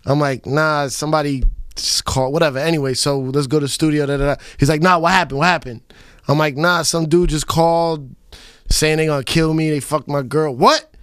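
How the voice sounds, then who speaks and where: Man, new york radio host, animated storyteller, slightly high voice, dry close sound. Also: brisk, clean tone, no room sound. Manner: animated storyteller, loud put-on voices for people in his stories. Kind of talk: casual interview chat.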